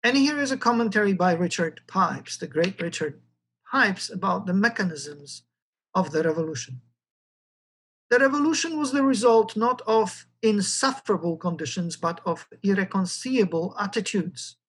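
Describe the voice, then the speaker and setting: A history lecturer giving a recorded lecture, talking in a halting way with frequent fillers. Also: medium pitch, animated, fairly bright tone, husky, poor audio.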